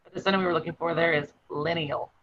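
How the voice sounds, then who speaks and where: A man hosting a trivia quiz over a video call, reading clues in a brisk, matter-of-fact way. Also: on the high side, steady tone, crowd noise. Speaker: quiz host. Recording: slightly muffled video call audio.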